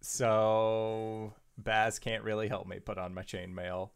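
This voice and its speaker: A man playing a tabletop game, talking in a laid-back, unhurried way. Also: on the low side, completely flat delivery, gravelly, clean tone. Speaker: player. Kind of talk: casual tabletop play.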